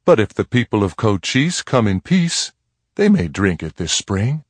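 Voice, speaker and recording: A man narrating takes the part of a proud frontier mother standing her ground in a storybook western. She speaks firmly and with quiet dignity, slow and unhurried, lifted only slightly above the reader's own deep voice. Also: big pitch swings, slightly rough, dry recording, full character voice. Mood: firm, dignified. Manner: firm, dignified, plainly spoken.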